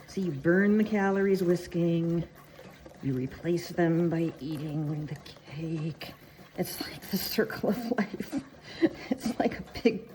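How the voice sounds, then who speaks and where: Chatty low-voiced woman teaching baking. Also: slight background noise. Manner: chatty and joking, talks to viewers while working. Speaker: baking instructor and shop owner. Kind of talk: casual cooking tutorial.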